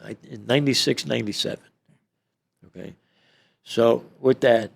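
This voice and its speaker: A man's voice: fairly low pitch, moderate pace, creaky, pauses often, slightly rough. An older man telling a long story as an interview guest, rambling and tagging his lines with "okay?" and "you know".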